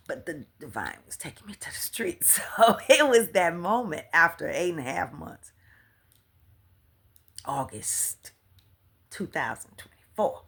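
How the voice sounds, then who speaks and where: A woman giving a casual spiritual talk to her viewers, chatty and animated, laughing often and slipping into a near whisper. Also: lowish voice, normal speed, creaky, husky. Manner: colloquial, repeats "for real" and "come on". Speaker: spiritual author and life coach.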